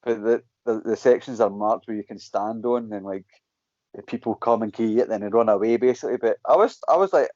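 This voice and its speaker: A man's voice: fairly low pitch, a little fast, dry recording. Scottish man, casual storytelling, sweary, dry close sound, muffled lo-fi call audio. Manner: animated storytelling, frequent swearing, acts out quotes. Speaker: guest, MMA fighter. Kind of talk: casual chat.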